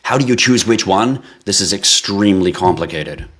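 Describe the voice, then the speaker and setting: A man from Canada hosting a crypto livestream, chatting casually with viewers and reading their comments in a profane, teasing, animated way. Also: on the low side, normal speed.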